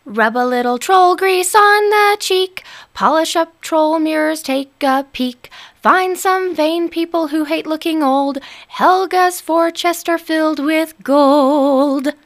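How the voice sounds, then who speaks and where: Woman putting on a high lively troll girl, gleeful, singsong, sly, storybook. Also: measured pace, exaggerated voice. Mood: sing-song. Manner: sing-song, gleeful chanting. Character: spirited young female troll, sly and bold.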